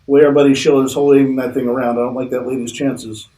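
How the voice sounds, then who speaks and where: A man voicing a determined male army captain who speaks gruffly and bluntly. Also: medium pitch, flat delivery, quick pace, mellow, reverberant, recorded from a distance, natural voice, rough recording.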